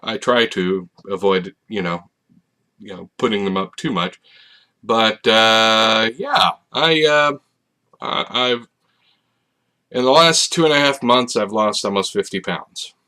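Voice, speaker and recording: A man's voice: fairly low pitch, slow, pushed and bright. A man hosting his own channel, talking to camera in a casual late-night ramble, hesitant and full of fillers and restarts. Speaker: video channel host. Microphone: facing a camera.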